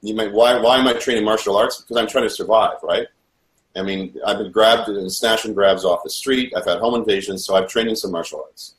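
A man telling his own story in an earnest, halting way with many restarts, in a roomy echo. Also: on the low side. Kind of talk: first-person testimony.

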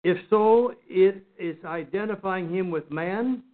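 A man's voice: high-pitched, slow pace. A man teaching a Bible study lesson in an earnest, emphatic way, often repeating and restarting words. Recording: phone-like narrow sound.

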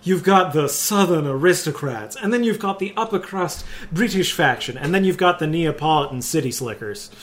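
Podcast host, male, slightly high voice, playful casual banter. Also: a little hiss or hum. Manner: playful, quick and excitable. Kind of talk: casual chat.

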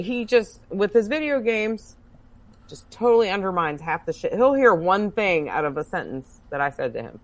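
A woman's voice: mid-range voice, sing-song, normal speed. A woman co-hosting a podcast, chatting casually with a sarcastic, swearing, laugh-prone manner. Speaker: podcast co-host. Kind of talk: casual chat.

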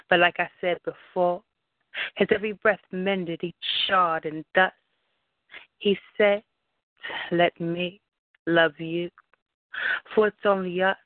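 A woman reading her own love poem aloud at an open mic in a slow, measured, heartfelt delivery. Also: on the low side, dry recording. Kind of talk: spoken-word poetry reading. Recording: tinny phone-line audio.

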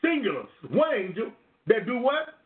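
High pitched guy quizzing his cohost on scripture, tinny narrow sound. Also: very animated, normal speed. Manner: prompting, questioning, emphatic. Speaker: Bible show host. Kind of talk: Bible study discussion. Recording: echoey phone-like audio.

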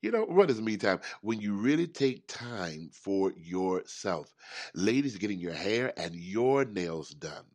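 A middle-aged man hosting a motivational talk show as a life coach, preachy and animated, acting out little voices. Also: on the low side, measured pace.

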